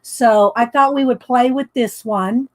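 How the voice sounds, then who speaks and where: This is a fairly high-pitched woman speaking at a measured pace while hosting a laid-back morning art stream. She comes from the American South and broadcasts from a home studio with open windows, laughing frequently and welcoming viewers by name.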